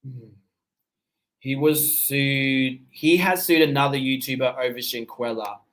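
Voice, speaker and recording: A man with an Australian accent softened by his parents' Seychellois English, talking at an ordinary middle pitch. He hosts a casual livestream, relaxed and conversational, reading out viewer comments and answering with easy laughs. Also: measured pace. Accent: Australian, mixed with his parents' Seychellois English. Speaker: livestream host.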